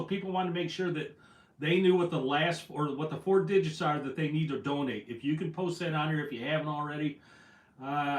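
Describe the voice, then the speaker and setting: A man hosting a casual fishing livestream, reading out viewer comments in a rambling, self-deprecating way. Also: a little high. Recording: echoey room, voice from afar.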